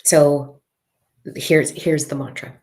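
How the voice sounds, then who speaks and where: A woman spiritual coach talking casually and frankly to a live audience, swearing freely and slowing down to read a mantra. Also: low voice, steady tone, dark tone. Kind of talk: casual livestream talk.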